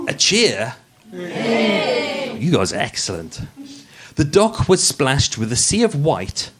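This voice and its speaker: A man's voice: mid-range voice, husky. A man from Birmingham hosting a true-crime show, telling the story live with jokey asides, stumbling and restarting as he goes. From Birmingham, England. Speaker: true-crime podcast host.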